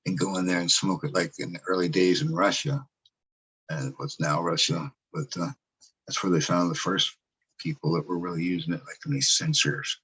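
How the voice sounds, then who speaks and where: A man's voice: low-pitched, little pitch movement, moderate pace, fairly bright tone, husky, poor audio. A man talking casually as a podcast guest, rambling and sarcastic, with some swearing, about his years as a photographer. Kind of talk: casual chat.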